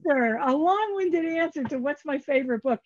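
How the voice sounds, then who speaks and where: A woman's voice: high voice, brisk. An older woman, a guest economist, telling stories in a casual podcast interview and acting out the dialogue she quotes. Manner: animated, acts out quoted dialogue. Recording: muffled lo-fi sound.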